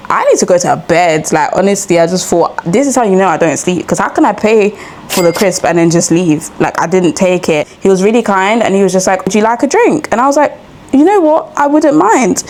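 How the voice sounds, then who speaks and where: A woman's voice: on the low side, brisk, slight background noise. Chatty young woman vlogging on a walk. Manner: chatty, rambling, animated retelling. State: sleep-deprived new mother. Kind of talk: casual storytelling vlog while walking. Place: outdoors on a street walk.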